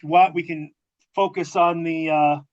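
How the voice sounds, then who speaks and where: A man hosting a casual interview, asking questions in a halting way with frequent fillers. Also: a little high, steady tone, dry recording, lo-fi sound. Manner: halting, many fillers and restarts. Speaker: podcast host.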